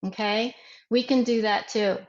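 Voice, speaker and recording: A woman leads a self-defense workshop in a slow, deliberate way, circling back and restarting her phrases. Her voice sits a little high. The recording is roomy and echoey, and the sound is dull and muffled. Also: steady tone. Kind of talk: workshop instruction. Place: online workshop.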